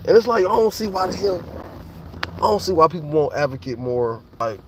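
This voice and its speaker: A man's voice: high-pitched, very animated, brisk, fairly bright tone, slight background noise. A man, talking casually and profanely to his viewers on a livestream, rambling and speaking straight to the chat.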